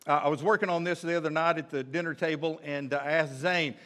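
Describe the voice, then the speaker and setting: A man delivers a sermon from the pulpit, his voice sitting a touch higher than most men's. He talks in an easygoing, conversational way, dropping joking asides and checking in with the congregation. The sound is a church sermon with a chatty, personal feel. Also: fairly even intonation, quick pace, a bit bright. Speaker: pastor. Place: church sanctuary.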